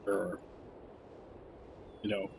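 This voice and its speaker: A man's voice: extremely slow, a little mellow. A man streaming a game, musing aloud in casual commentary as he plans his next moves.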